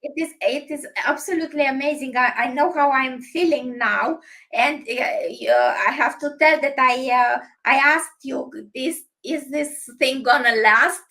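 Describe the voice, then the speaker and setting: A Romanian-accented woman hosts a podcast in English, her second language. Her voice is very high and bright. She hesitates often and pauses to find her words. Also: low-quality recording. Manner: hesitant, many fillers, searching for words. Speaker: podcast host. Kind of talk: casual podcast chat.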